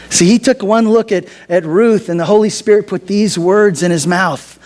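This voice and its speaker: A man's voice: high-pitched, moderate pace. A man preaching a sermon as pastor, conversational and dramatic, acting out the figures' words with some humor.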